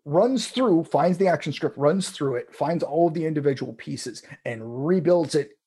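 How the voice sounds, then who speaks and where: A man's voice: fairly high pitch, expressive, moderate pace, mellow, breathy edge. A man hosting a casual tech chat, rambling with restarts and fillers. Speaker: podcast host.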